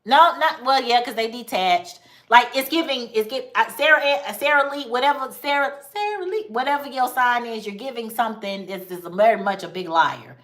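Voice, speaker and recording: A woman's voice: a little high, normal speed, fairly bright tone. Sassy, blunt woman gossiping. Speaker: vlogger. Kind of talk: casual commentary.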